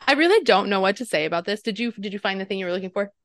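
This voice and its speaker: A woman's voice: medium pitch, lively intonation, racing, no room sound, studio quality. A woman co-hosting a podcast, chatty and giggly, rambling through tangents in casual talk. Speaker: podcast co-host.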